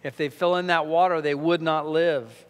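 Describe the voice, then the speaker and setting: A man's voice: fairly high pitch, fairly even intonation, moderate pace, in a large hall. A man giving a conversational verse-by-verse Bible teaching, full of rhetorical questions and fillers.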